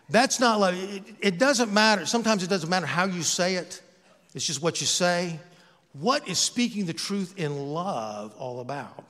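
A man's voice: a little high, a bit bright, in a large hall. A man preaching a sermon as pastor, in a conversational, joking way with self-mocking asides, recorded in a church sanctuary.

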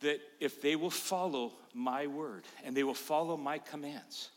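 A man's voice: fairly high pitch, a little slow, pitched below the performer's own voice, natural voice. A man voicing a solemn female angel who speaks in old-fashioned proclaiming words. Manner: archaic, proclaiming. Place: church. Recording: long church reverb.

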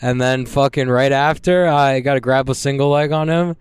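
A man's voice: medium pitch, fairly even intonation, moderate pace, smooth, no room sound. Agitated, cursing young man ranting. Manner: profane, agitated, rambling. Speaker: vlogger. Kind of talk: casual rant to camera.

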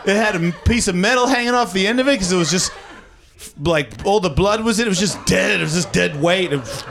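High-voiced crude Australian comedian. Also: male voice, lively intonation, fast, vocal fry, fairly bright tone, slight background noise. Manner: crude, rambling and profane, bantering with the audience. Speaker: stand-up comedian. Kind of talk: stand-up comedy with crowd work. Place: comedy club stage before a live audience. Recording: live audience laughter throughout.

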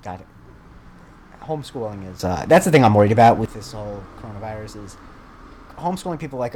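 Chatting casually as a podcast co-host, this young man talks fast in a lowish, slightly mellow, sing-song voice. He rambles with lots of fillers and restarts, and there's slight background noise.

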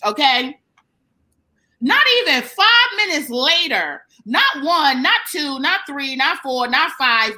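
A woman with a high, bright voice tells a story in loose, casual chat. She swears freely and acts out the people in it, jumping between them. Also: low-quality recording. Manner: profane, animated, acts out the people in her story. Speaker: comedian telling a story.

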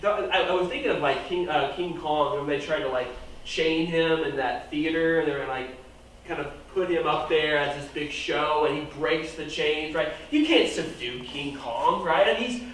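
A man preaching a sermon, animated, swinging his volume up and down for emphasis. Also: a little high, normal speed, a little hiss or hum. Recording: very echoey room, voice from far off.

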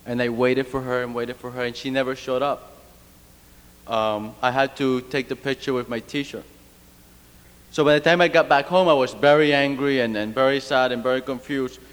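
A man's voice: medium pitch, fairly even intonation, normal speed, clean tone. A man from Cuba giving an earnest, reflective personal talk, with fillers and restarts. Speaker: speaker. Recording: long reverb of a hall.

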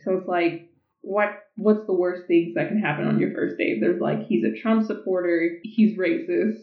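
A young adult woman co-hosting a podcast, chatting casually in a blunt, profane, animated way. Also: fairly low pitch, normal speed. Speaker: podcast co-host. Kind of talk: casual chat. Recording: echoey room, tinny phone-like sound.

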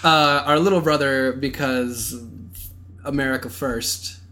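A man's voice: mid-range voice, steady tone, slow, bright, forceful tone. A young man co-hosting a podcast in casual chat, playful, laughing often and rambling with restarts. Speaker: podcast co-host.

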